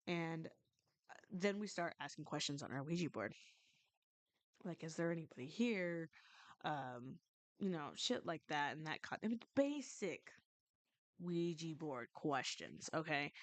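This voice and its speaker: A woman's voice: sits low, no echo. A woman casually telling a ghost story to her stream, rambling with many restarts and some swearing.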